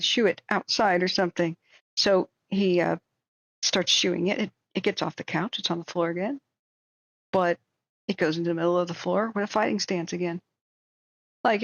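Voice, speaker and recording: A woman hosting a livestream, telling a rambling story in a casual, animated way, acting out what people said. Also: medium pitch, no room sound. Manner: animated, rambling, acts out quotes with shrieks and laughs. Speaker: livestream host.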